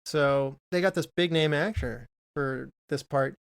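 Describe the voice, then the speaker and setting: A man's voice: fairly high pitch, unhurried, clear, resonant tone. A man co-hosting a film podcast, chatting casually and reading out trivia in a rambling way. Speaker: podcast co-host.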